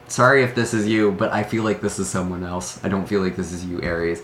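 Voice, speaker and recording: A man with a fairly low voice gives a heartfelt tarot reading and sighs between his thoughts. The room is echoey, and a faint noise sits under his voice. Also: level tone, a little fast, a bit bright. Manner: earnest and emotional, sighs often between thoughts. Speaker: tarot reader. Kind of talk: solo tarot reading to camera.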